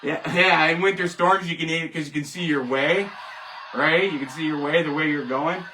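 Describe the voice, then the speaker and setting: A man's voice: on the high side, normal speed, distant mic, background noise. A man hosting a casual solo show, rambling, joking and laughing at his own jokes. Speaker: host. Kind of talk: casual solo wrestling commentary.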